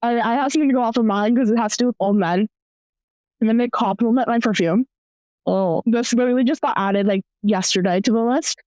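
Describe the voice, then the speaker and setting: A woman's voice: a little high, fairly quick, darkish tone, dry recording, rough recording. A young woman co-hosting a casual chat, blunt, profane and joking. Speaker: podcast co-host.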